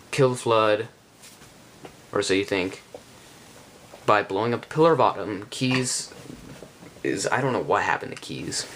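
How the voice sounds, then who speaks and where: A man giving a casual spoken game review, rambling and halting with many restarts. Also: on the low side, fairly bright tone, a little hiss or hum.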